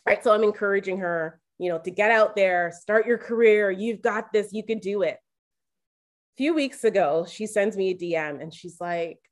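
A woman talks straight to her listeners in a mid-range voice, confiding and animated as she shares a candid personal story. She speaks as a faith speaker and calls her audience "guys.". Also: mid-range voice, moderate pace. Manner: addresses listeners directly as "guys".

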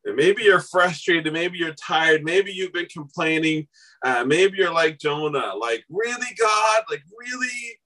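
A male pastor preaching a sermon, telling a story with animated delivery, acting out quoted voices and rising to shouts at times. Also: on the high side, unhurried, far from the mic, rough recording.

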